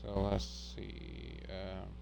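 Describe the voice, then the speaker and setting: Slow-talking young man telling a story. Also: deep voice, huge pitch swings, gravelly, noisy background. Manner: rambling, laid-back retelling. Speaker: streamer. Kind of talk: casual storytelling to a live stream.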